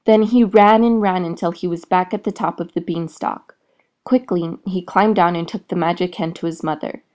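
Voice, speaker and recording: A woman reading a fairy tale aloud in a clear, expressive storytelling manner. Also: lowish voice, moderate pace.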